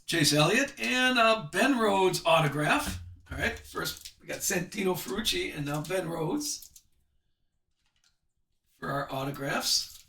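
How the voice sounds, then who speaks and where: A man's voice: high-pitched, lively intonation, gravelly, bright, forceful tone, echoey room, recorded from a distance. A man hosting a live sports card break, chatting with viewers and reading off the cards as he opens packs. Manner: chatty, reads card names off quickly.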